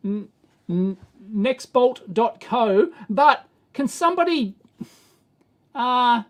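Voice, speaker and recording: A man's voice: very high-pitched, expressive, slow. A middle-aged Australian man hosting a casual electronics livestream, rambling and exasperated, chuckling as he answers the chat.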